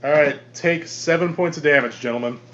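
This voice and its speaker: A man narrating as game master for a tabletop game, describing monsters in a halting way with frequent restarts. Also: fairly high pitch, a bit bright, slight background noise. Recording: dull lo-fi podcast audio.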